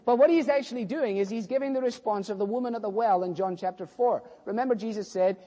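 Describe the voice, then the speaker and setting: High-voiced preacher in a reverberant hall. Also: male voice, quick pace, hardly any pauses, lo-fi sound. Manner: animated storytelling, acting out dialogue. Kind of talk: sermon.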